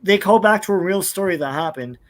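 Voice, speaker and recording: A man co-hosting a casual comic book chat, relaxed and rambling with many fillers. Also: high voice, fairly quick. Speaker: podcast co-host.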